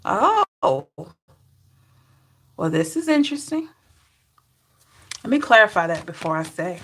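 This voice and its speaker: A woman's voice: fairly low pitch, big pitch swings, moderate pace. Middle-aged woman, light Southern drawl, tarot streamer, loose and chatty. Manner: chatty, laughing, talking to live chat. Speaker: tarot reader. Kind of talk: live-stream tarot reading.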